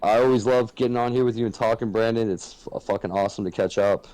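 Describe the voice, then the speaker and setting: A man co-hosts a casual podcast in a frank, earnest way, swearing freely as he talks. His voice sits a little low, and the sound is close and dry with no room echo. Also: fairly even intonation, fast talker, a little mellow. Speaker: podcast co-host.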